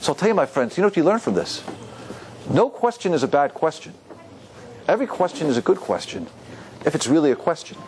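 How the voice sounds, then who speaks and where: Animated rabbi teaching a class. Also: male voice, a little high, brisk, pauses often, a little hiss or hum. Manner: animated, asks the audience questions. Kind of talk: Torah class.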